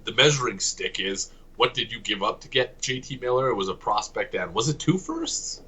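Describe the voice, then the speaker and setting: Man, podcast co-host, casual sports chat, husky, sharp-toned, analytical. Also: mid-range voice, big pitch swings, normal speed, low-quality recording. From Canada. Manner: analytical, corrects himself mid-sentence.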